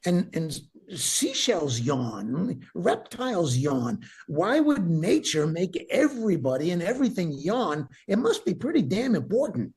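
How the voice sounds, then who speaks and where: An enthusiastic man talks in a casual interview, explaining things with real energy and breaking into laughter now and then. His voice is a little husky, and his pitch swings widely as he makes his points. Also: unhurried, few pauses. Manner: animated, enthusiastic, laughs often, restarts sentences. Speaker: breathwork teacher, podcast guest.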